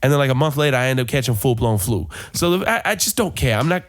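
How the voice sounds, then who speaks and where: A man co-hosting a podcast, hoarse from a recent flu, telling stories in casual chat. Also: mid-range voice, sing-song, fast. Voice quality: gravelly. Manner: storytelling, joking. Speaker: podcast co-host.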